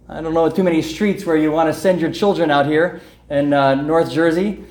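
A male pastor preaching in a church, his voice sitting a little high for a man. He reads scripture aloud and then urges it on his listeners with earnest emphasis. The sound rings around a reverberant room. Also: fairly even intonation, normal speed, darkish tone. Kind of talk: sermon. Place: church in North Jersey. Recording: echoey room.

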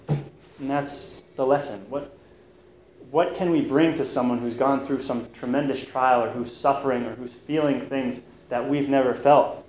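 A man preaching a sermon on scripture in an earnest, halting way, often restarting his words. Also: mid-range voice, steady tone, darkish tone. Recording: roomy echo with faint background noise.

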